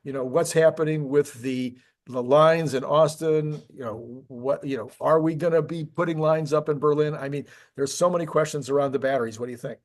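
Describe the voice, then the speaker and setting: A man's voice: a little high, fairly even intonation, brisk. A man co-hosting a casual tech discussion, enthusiastic and rambling, with frequent restarts. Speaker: podcast co-host.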